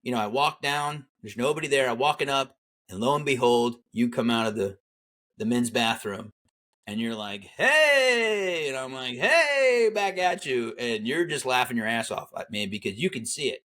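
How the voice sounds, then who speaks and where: In casual conversation, a guest who served in the Army tells his military story. He's a middle-aged man with a medium-pitched voice at normal speed, animated and acting out the dialogue he quotes.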